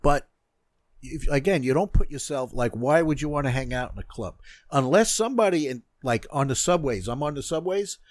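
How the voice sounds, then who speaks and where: Plain-spoken middle-aged man, fairly high. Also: expressive, fairly quick, no echo, studio quality. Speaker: martial arts instructor, podcast guest. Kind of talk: casual podcast chat.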